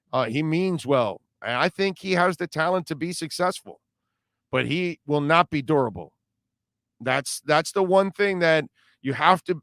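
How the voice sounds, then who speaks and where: A man hosting a live sports talk radio show, reading listener comments and reacting in an animated, emphatic way, often repeating himself. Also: a little high, clean tone, dry recording, clean studio sound. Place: radio studio.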